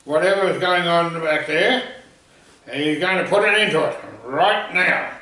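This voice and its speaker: A man telling a comic anecdote in a rambling, animated way. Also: on the high side, unhurried. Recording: echoey room, voice far from mic.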